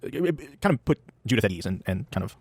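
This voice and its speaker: A man's voice: on the low side, sing-song, brisk, a little mellow, slightly rough, dry recording. A man hosting a podcast, recapping an episode in casual chat, rambling with fillers and acting out the characters' lines. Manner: rambling with fillers, acts out quotes. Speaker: podcast host.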